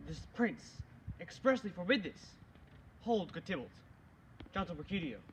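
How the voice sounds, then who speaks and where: A young man, a student actor, reciting Shakespearean street-quarrel scenes in a quick exchange. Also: high voice, big pitch swings. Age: young adult. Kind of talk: amateur Shakespeare scene acting. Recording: dull lo-fi recording with loud noise.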